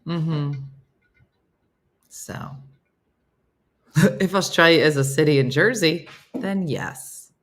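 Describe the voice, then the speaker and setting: A woman's voice: deep voice, slow, long pauses. A woman hosting a casual morning livestream, chatting and reading viewer comments aloud in a self-mocking way. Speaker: host of a morning livestream chat show.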